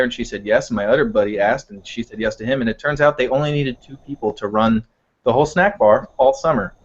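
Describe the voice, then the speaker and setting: A young man co-hosting a podcast, telling a story in a laid-back way with casual swearing. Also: mid-range voice. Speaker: podcast co-host. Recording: dull lo-fi podcast audio.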